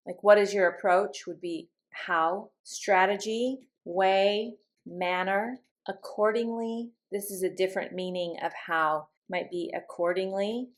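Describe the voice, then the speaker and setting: Slow, patient woman teaching English. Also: medium pitch, a bit bright. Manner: models question intonation, patient and explanatory. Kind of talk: slow, careful vocabulary lesson.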